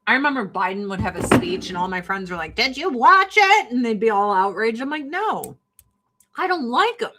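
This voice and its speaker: A woman's voice: mid-range voice, a bit bright. A woman in a casual political rant, blunt, sarcastic and often profane. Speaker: livestream host.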